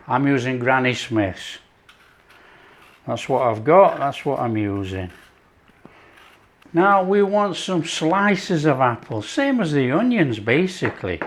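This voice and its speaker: A man's voice: medium pitch, slight background noise. A man hosting his own cooking show, chatting casually as he prepares a dish. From not France. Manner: chatty, relaxed, talks while working.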